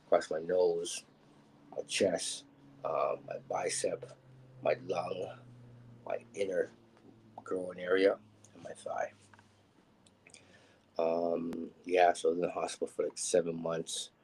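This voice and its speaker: A man's voice: low-pitched, flat delivery, slow pace, gravelly, long pauses, darkish tone, a little hiss or hum, rough recording. A man candidly telling a personal story on a live show, rambling with many ums and acting out what people said.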